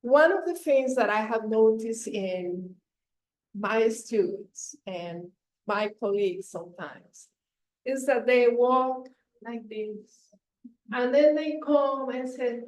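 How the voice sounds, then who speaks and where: Slow, emphatic woman coaching a room. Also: a little high, darkish tone. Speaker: public speaking coach. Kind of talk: live seminar talk. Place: hotel event room. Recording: echoey room from far off.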